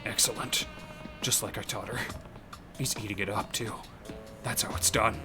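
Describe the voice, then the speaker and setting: A man voicing a stoic, tough male yakuza in a game, speaking low, quiet and deadpan. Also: normal speed, faint music behind. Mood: approving. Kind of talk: reading game dialogue aloud on a stream.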